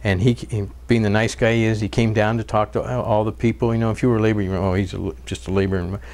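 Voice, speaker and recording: A man's voice: lowish voice, level tone, fast talker, darkish tone. A man telling stories in an interview, earnest, with frequent fillers and restarts. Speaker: documentary narrator and interviewee. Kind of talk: interview and narration.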